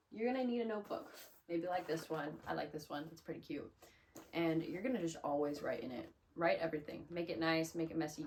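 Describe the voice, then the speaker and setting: A woman's voice: lowish voice, a little mellow. A woman giving a casual, chatty video lesson as a Spanish teacher, upbeat and full of "like" and "um". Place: small closet room.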